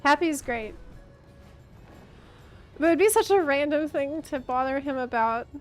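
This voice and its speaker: A woman's voice: sits high, expressive, unhurried, soft background music. A woman streamer chatting casually with teammates while gaming, playful and giggly. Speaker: game streamer.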